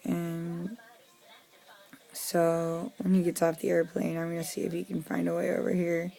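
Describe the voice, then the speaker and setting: Weary, gravelly-voiced young woman venting. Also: on the low side, completely flat delivery, a little slow, warm tone. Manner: profane, irritable venting with frequent fillers. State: low and weary. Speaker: vlogger. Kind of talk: casual personal vlog.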